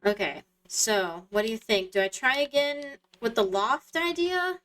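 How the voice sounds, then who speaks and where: Her voice is on the high side and fairly bright, with lively intonation and a slightly slow pace. She's a streamer casually commenting on her gameplay, thinking aloud to herself with some hesitation.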